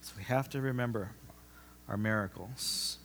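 A man preaching a sermon as pastor, emphatic, often repeating himself and swinging from loud to soft. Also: fairly low pitch, normal speed, gravelly, a little hiss or hum. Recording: long reverb of a large hall.

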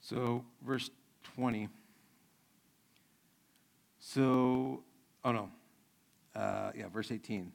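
A middle-aged man, a pastor, preaching a sermon in a relaxed, conversational way with stories from home. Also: mid-range voice, very slow, creaky, long pauses. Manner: conversational preaching, acts out his kids' voices.

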